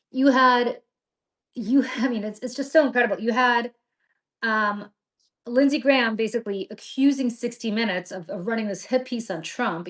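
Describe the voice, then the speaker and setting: A middle-aged woman hosting a political talk show, talking with passion and indignation and often restarting her sentences. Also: medium pitch. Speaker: podcast host.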